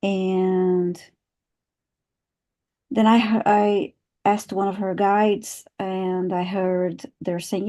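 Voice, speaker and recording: Female co-host, mellow and slow, gentle conversational tone. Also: medium pitch, flat delivery. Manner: unhurried, soft-spoken, light laughs. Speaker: psychic reader and co-host. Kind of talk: live-stream casual chat.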